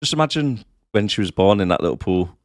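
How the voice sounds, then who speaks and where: A man's voice: lowish voice, expressive, quick pace, dry recording. A man co-hosting a casual movie review podcast, dry and mocking, with some swearing. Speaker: podcast co-host.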